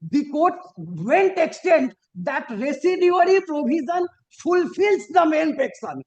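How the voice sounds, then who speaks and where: A man arguing formally before a judge as an advocate, deferential and halting, with frequent restarts and emphatic rises on key points. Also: extremely high pitch, big pitch swings, a little mellow, lo-fi sound. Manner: deferential, peppered with repeated formal address to the bench. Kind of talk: formal courtroom argument. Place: courtroom.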